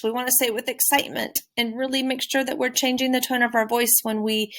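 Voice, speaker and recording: A woman teacher giving a recorded presentation on a classroom game, speaking clearly and encouragingly. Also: fairly high pitch, fast talker, a bit bright. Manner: clear, encouraging, with modeled questions.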